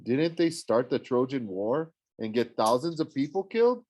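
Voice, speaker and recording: A man voicing an awkward, defiant teenage boy in an audiobook, flustered with quick retorts. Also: medium pitch, lively intonation, darkish tone, lightly acted. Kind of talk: audiobook character voice.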